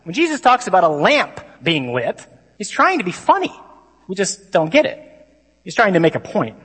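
A man, a priest, giving a lively conference talk to a crowd of men. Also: high-pitched, moderate pace, husky. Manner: lively, mimics stuffy readings. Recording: long hall reverb.

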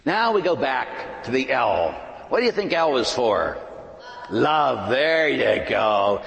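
A man preaching a sermon as a pastor, swinging between loud emphatic lines and hushed asides. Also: medium pitch, big pitch swings, slow pace, gravelly. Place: large church. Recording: long church reverb.

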